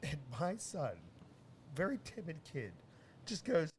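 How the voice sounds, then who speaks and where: A man's voice: on the high side, a little slow. Rambling male podcast host, faint hiss. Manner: rambling, restarts often, animated when telling a story. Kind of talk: casual chat, storytelling.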